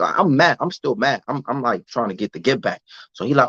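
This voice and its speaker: A man's voice: medium pitch, lively intonation, brisk, fairly bright tone, no echo. A man, telling a candid story as a podcast guest in streetwise slang. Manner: streetwise slang, often adds "you know what I'm saying". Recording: dull, dry lo-fi recording.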